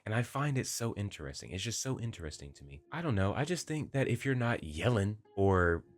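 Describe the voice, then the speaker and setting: A young man talking to his viewers in a gentle, inviting, emotive way, with deliberate pauses. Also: on the low side, very animated. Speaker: voice-focused video creator. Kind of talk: reflective talk to camera. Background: faint background music.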